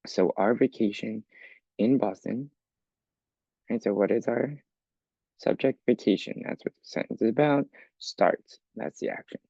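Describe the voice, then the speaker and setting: A man's voice: lowish voice, unhurried, gravelly, pauses often, mellow, slightly rough, dry recording, dull audio. A man teaching an English lesson for learners, explaining patiently step by step and often checking with "okay?". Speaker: ESL teacher.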